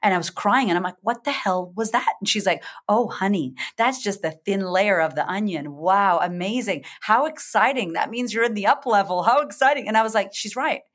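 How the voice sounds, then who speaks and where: A woman's voice: medium pitch, a little fast, few pauses. A middle-aged woman, a confidence coach, telling stories expressively in a casual interview, acting out her own thoughts and laughing often. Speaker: confidence coach, podcast guest. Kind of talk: animated storytelling in casual interview.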